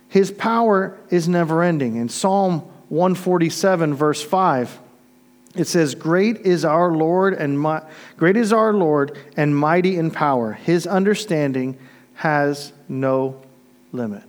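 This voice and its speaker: A middle-aged man from Florida preaching a sermon, telling stories earnestly and swinging from emphatic lines to hushed asides. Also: a little high, measured pace. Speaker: pastor.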